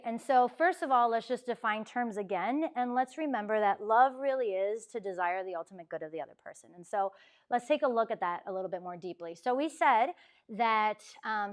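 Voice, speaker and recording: Young woman, conversational ministry speaker, slightly high voice, animated quoting. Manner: chatty, acts out quotes, frequent "right?". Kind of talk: lively faith talk to students.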